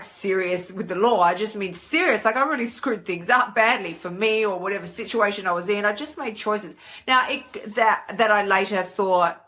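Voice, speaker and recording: A woman hosting a live stream, talking in a chatty, animated way and leaping into high voices when she acts out her inner thoughts. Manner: chatty and animated, with big pitch swings for acted inner voices. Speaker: host. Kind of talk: casual live-stream monologue.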